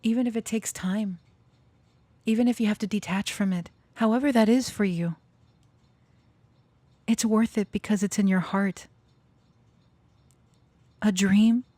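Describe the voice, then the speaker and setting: A woman speaking emotionally in a casual personal talk, nervous and close to tears, laughing softly between thoughts. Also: mid-range voice, normal speed, pauses often, no room sound. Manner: sings and half-whispers song lyrics. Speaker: channeler and storyteller.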